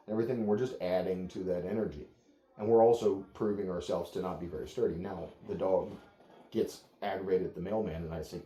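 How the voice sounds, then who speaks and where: A man with a deep, warm voice talks dog owners through their dog's behavior. His delivery is calm, steady and plain-spoken. The room around him echoes. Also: moderate pace. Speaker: dog trainer. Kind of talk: explaining to clients.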